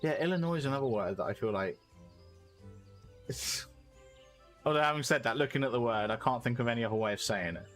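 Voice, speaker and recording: A man's voice: medium pitch, brisk, pauses often, a bit bright, faint music behind. A man streaming a game, chatting casually and musing aloud while correcting himself. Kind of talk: casual chat while playing.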